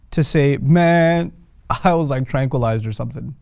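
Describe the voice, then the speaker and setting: Male teacher, casual explainer, mid pitch, dry close sound. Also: lively intonation, normal speed, a little mellow, no echo. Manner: conversational, explains with everyday examples. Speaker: teacher of Quranic Arabic.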